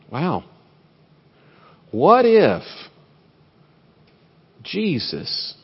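A male pastor delivering a sermon, swinging from loud, emphatic peaks to quiet, intimate storytelling. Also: medium pitch, husky. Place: church sanctuary. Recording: dull sound with long hall reverb.

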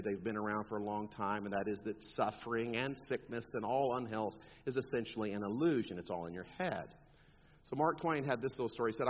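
A man preaching a sermon, talking animatedly and putting on mocking quoted voices as he makes his points. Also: on the high side. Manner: animated, rhetorical, mock quotes in asides. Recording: dull long-reverb hall sound.

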